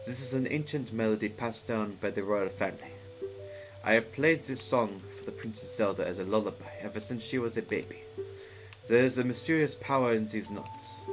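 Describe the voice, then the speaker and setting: A man voicing a huge, stern female warrior guardian from a video game, reading her lines in a low, hushed, solemn way with a slight put-on Russian accent. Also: brisk, over music, natural voice. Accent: slight put-on Russian tint. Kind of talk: reading game dialogue aloud.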